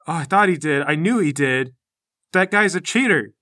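A man's voice: fairly high pitch, animated, moderate pace, sharp tone. A man voicing a clumsy, defensive young girl who whines and sulks, in a tabletop game. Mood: indignant. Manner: whiny, indignant.

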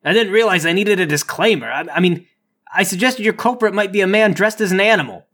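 A man's voice: high voice, fast talker, fairly bright tone, pitched above the performer's own voice. A man voicing a defensive, sarcastic female bar owner in a tabletop game.

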